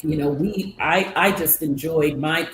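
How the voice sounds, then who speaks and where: A woman, a guest in an interview, answering hesitantly with many pauses and restarts. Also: deep voice, a bit bright, soft background music. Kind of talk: casual conversation. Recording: echoey room, faint noise.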